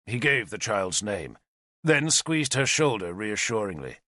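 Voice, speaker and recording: Male audiobook narrator, lively pitch, bright forward tone, dry close mic. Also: unhurried, no room sound. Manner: expressive, voices every character. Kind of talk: scripted narration.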